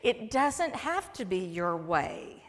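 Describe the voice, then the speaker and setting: A woman's voice: medium pitch, very animated, slow. A woman pastor preaching a sermon in a conversational way, acting out quoted lines as she goes. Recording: long echo of a large hall.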